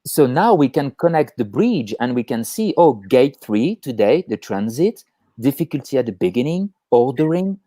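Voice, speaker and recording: A man co-hosting a casual chat on a video call, talking in an animated way, swearing freely and acting out inner voices. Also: medium pitch, moderate pace, no echo. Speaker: podcast co-host.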